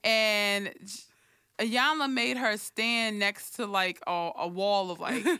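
A woman's voice: medium pitch, takes it slowly, sharp tone, clear, resonant tone, no room sound, studio quality. A young woman co-hosting a podcast in casual chat, frank and profane, often laughing as she talks. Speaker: podcast co-host.

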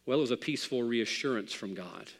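A man preaching a sermon as pastor, swinging between loud passages and hushed ones. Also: mid-range voice, expressive, fast, big-room sound.

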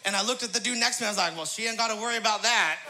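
A man preaching as a pastor, telling a humorous story with frequent laughter and quick praise interjections. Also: high voice, bright, forceful tone.

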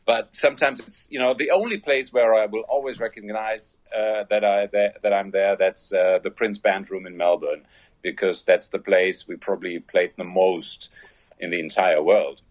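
A man's voice: fairly low pitch, steady tone, normal speed. A German man with a German accent, a guest musician being interviewed over a remote line, apologetic and good-humoured. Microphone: remote call line. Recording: dull lo-fi call line.

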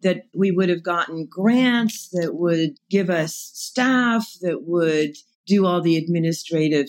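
A woman's voice: fairly low pitch, darkish tone. Woman explaining thoughtfully on a podcast. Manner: thoughtful, explanatory, laughs often. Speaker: guest, advocacy group organizer. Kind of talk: conversational podcast interview.

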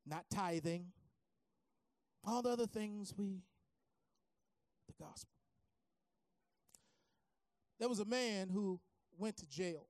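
A preacher delivering a sermon in a dry, close recording with no room sound. The voice sits mid-range in pitch and moves from calm teaching into shouted, sing-song preaching. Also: takes it slowly, pauses often, no echo. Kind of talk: sermon with storytelling.

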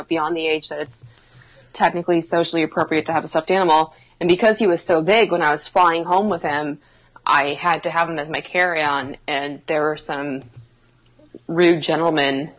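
A young woman chatting casually as a podcast co-host. Her voice sits slightly low, and her humor is dry, sarcastic and exasperated as she needles the others. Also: low-quality recording. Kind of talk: casual chat.

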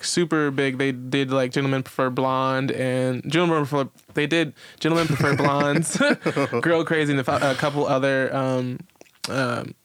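Chatty man with a smooth voice. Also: mid-range voice, no room sound. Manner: rambling storyteller, many fillers, cursing. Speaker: podcast co-host. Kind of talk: casual chat. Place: podcast recording setup.

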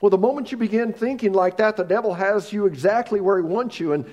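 A man preaching a sermon, telling a story with animated voices and repeating words as he goes. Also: sits high, quick pace, muffled recording. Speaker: pastor.

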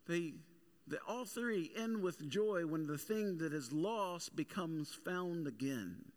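A man's voice: on the high side, lively intonation, takes it slowly. A man in his thirties preaching a sermon as a pastor, mixing humorous everyday stories with emphatic preaching. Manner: conversational storytelling with humor, building to emphatic preaching.

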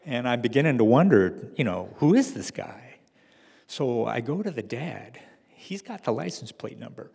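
A middle-aged man telling a personal story to an audience in a wry, halting way, with restarts and fillers. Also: medium pitch, sing-song, vocal fry, dark tone, slightly rough, big-room sound.

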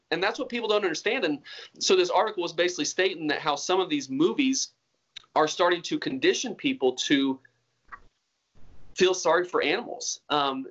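A man's voice: a little high, fairly bright tone, highs cut off. A man being interviewed about hunting, talking in an earnest, rambling way with many restarts. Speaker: hunter guest. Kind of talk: casual interview talk.

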